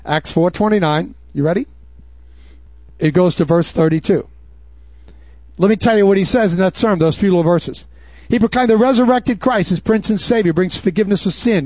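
Emphatic high-voiced male preacher. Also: lively intonation, brisk, a little mellow, no room sound. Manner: emphatic, urgent, mocking asides. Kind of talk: sermon. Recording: dull dry recording.

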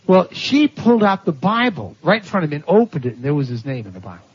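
A man's voice: on the high side, big pitch swings, fast talker, breathy edge. A man preaching a sermon, telling stories with animation, laughing and acting out the voices of the people in them. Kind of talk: sermon storytelling. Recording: dull lo-fi sermon recording.

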